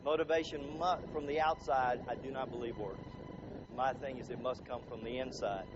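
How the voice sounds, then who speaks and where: A man's voice: mid-range voice, normal speed, dull audio, background noise. A man giving a motivational speech, telling stories with lots of laughter and throwing questions at the audience. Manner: animated, laughing often, quizzing the audience. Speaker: motivational speaker. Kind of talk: storytelling speech to a live audience.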